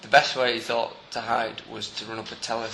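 Deadpan man telling a story. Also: mid-range voice, brisk. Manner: deadpan, acts out characters in his stories. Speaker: podcast co-host. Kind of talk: casual comedy chat, storytelling. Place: busy coffee shop. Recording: echoey cafe with clear background noise.

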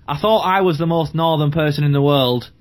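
A man's voice: a little high, a little fast. A young man from southern England co-hosting a podcast, chatting casually and laughing a lot over a video call. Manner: laughs often, jokey. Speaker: podcast co-host.

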